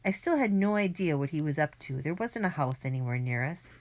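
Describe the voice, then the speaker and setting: Low-voiced woman reading a children's book. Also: expressive, fairly quick, a little mellow. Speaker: audiobook narrator. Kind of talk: first-person children's book narration.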